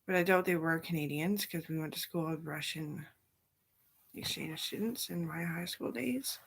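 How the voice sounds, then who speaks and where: A woman's voice: low voice, normal speed, vocal fry, husky. A woman talking in a loose, drifting casual monologue, often sinking into a whisper.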